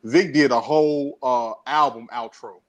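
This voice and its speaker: A man's voice: medium pitch, fairly even intonation, unhurried. Laid-back man telling panel stories. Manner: laid-back storytelling, slangy. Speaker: panel guest. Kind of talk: casual panel banter.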